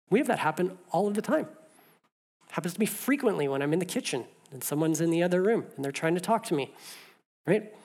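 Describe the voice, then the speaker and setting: A preacher working through a passage in a sermon. Readings give way to a slow, emphatic repeated refrain. Between them come conversational asides full of small restarts and fillers. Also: mid-range voice. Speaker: pastor.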